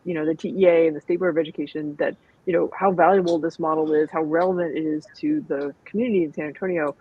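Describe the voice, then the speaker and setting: Fast-talking, chatty host with husky tone. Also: female voice, sits low, steady tone, no echo, muffled recording. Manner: chatty, fast, lots of fillers. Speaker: podcast host. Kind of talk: casual chat.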